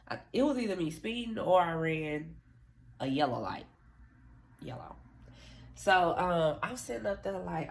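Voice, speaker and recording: A woman vlogger casually telling a story straight to her viewers, slangy and animated. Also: fairly low pitch, moderate pace.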